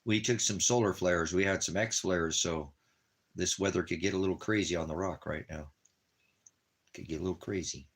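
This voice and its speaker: Husky deep-voiced man rambling to his dog. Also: moderate pace. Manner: rambling, repetitive, talks baby-talk to his dog; preachy about religion. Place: at home in the desert.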